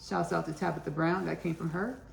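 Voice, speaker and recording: A woman from Texas with a Texan accent chats through a home cooking video, repeating herself as she works. Her voice sits low and has a heavy gravelly fry. The sound is roomy, as in an echoey kitchen, with faint noise behind her. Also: steady tone, a little fast. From Austin, Texas. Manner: chatty, repeats phrases, laughs at own jokes. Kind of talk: casual cooking vlog.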